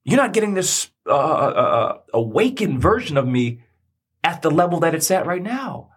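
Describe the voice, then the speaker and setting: Male podcast host, husky, earnest sermon-like delivery. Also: a little high, big pitch swings, normal speed. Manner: earnest, preacherly, repeats phrases for emphasis. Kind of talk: personal storytelling monologue.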